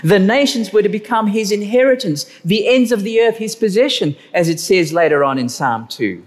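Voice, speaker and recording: Male preacher, lively pitch, drawn-out emphasis on key words, echoing church hall. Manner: animated, stretches key words slowly for emphasis. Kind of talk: sermon. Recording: long hall reverb.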